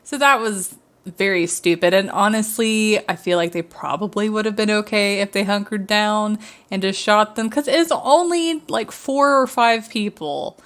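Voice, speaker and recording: A woman's voice: medium pitch, moderate pace, a bit bright. A young woman co-hosting a casual podcast chat about a horror movie, rambling, trailing off and laughing often. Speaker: podcast co-host.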